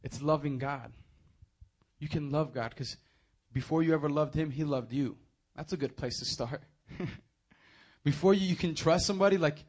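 A young male preacher with a voice that sits a little high. He tells stories with lively, swinging energy, then turns quiet and earnest when he makes his point. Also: moderate pace, breathy edge. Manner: animated storytelling, swinging from hushed to loud. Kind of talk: sermon.

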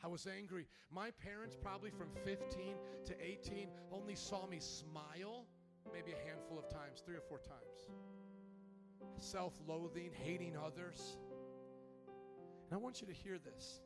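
A man in his thirties preaching a sermon in church, swinging from soft, choked-up storytelling to loud, shouted exhortation. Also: measured pace, loud music behind the voice. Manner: preaching with big emotional swings, shouting high when fired up. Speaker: pastor. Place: church sanctuary.

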